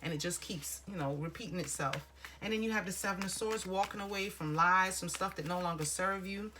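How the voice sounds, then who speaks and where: A woman's voice: lowish voice, brisk, background noise. A woman giving a casual tarot reading, encouraging and rambling, calling the listener honey. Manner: rambling with restarts and filler phrases. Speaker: tarot reader.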